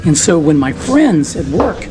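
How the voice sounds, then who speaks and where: A man's voice: on the high side, sing-song, a little slow, crowd noise. An older man from South Texas telling a story casually as a vlogger, chatty and laughing at his own jokes.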